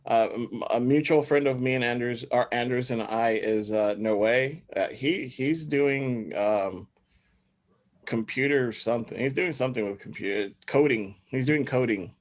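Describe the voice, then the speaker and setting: Man in his thirties, podcast host, rambling casual chat, medium pitch, laughs often. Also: measured pace.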